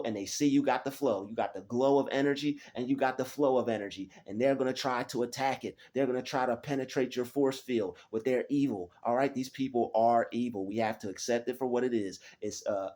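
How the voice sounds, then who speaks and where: A man's voice: medium pitch, darkish tone. A man giving a motivational spiritual talk alone in a small room, speaking in repetitive, declarative affirmations. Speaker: spiritual vlogger.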